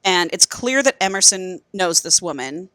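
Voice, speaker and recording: A woman's voice: on the low side, expressive, normal speed, pushed and bright, dry recording. A woman co-hosting a podcast, retelling a book plot in casual chat and acting out the characters' lines. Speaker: podcast co-host.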